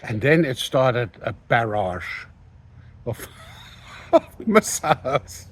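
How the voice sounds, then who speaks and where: An older South African man, a guest in an interview, tells anecdotes and animatedly acts out the quoted voices of the people in them. His mid-range voice is husky, with drawn-out words.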